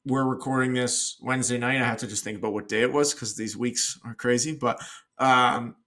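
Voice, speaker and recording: A man co-hosting a podcast talks loosely, working through his thoughts aloud with many restarts. He speaks fairly quickly in a mid-range, slightly bright voice with fairly even intonation.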